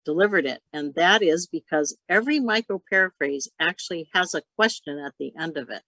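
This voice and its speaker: Woman, workshop teacher, bright voice, dry close audio, explanatory. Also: fairly low pitch, lively intonation, brisk, dry recording, low-quality recording. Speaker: workshop instructor. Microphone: video call.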